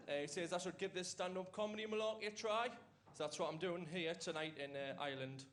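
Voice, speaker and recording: A young man from Newcastle with a broad Geordie accent performs stand-up in a rambling, deadpan way, full of dialect fillers. His voice sits a little high for a man. The club recording carries a layer of noise behind him. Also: a little fast, hardly any pauses. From Newcastle, England. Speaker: stand-up comedian. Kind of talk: stand-up comedy set. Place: comedy club stage with a live audience.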